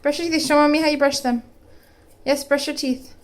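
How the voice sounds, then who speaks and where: A woman's voice: high-pitched, lively intonation, takes it slowly, pauses often. A young woman filming her baby at home, coaxing him in a sing-song voice. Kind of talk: home video baby talk.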